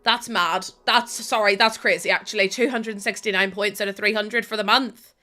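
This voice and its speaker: A woman's voice: mid-range voice, steady tone, normal speed, pushed and bright, soft background music. A young woman chatting casually on her live stream, worn out, chatty and prone to giggling as she thanks viewers. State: tired.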